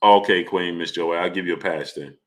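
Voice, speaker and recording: A man's voice: sits low, steady tone, a little fast. A man hosting a boxing livestream, talking casually, greeting chatters by name and firing the same question again and again.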